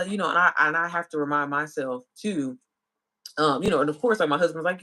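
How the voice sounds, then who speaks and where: A woman's voice: sits low, quick pace, pushed and bright. A woman chatting casually with viewers on a livestream as an online business coach, calling them y'all and girl.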